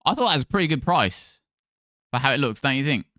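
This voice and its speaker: Male streamer, mid pitch, dry close sound, chatty and upbeat with chat. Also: sing-song, quick pace, pushed and bright, no room sound. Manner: chatty, thanks followers by name. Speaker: livestream gaming host. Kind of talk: casual livestream chat with viewers.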